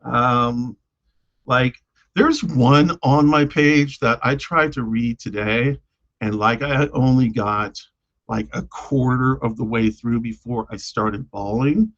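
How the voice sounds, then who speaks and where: A man's voice: medium pitch, slow pace, a bit bright, dull audio. A man chatting casually on a live stream about his own poems, hesitant and self-deprecating, with lots of fillers.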